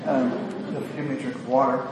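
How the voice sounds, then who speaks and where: A man, a psychiatrist, addresses a women's gathering in an earnest, self-deprecating way, a little nervous and restarting his sentences. His mid-range voice is level and brisk. The recording has a distant mic, an echoey hall and a noisy background.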